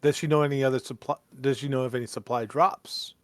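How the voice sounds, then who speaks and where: A man's voice: medium pitch, fairly even intonation, fast talker, dry recording, clean studio sound. A man playing a tabletop game who jokes and laughs easily while asking the game's questions. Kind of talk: casual tabletop game play.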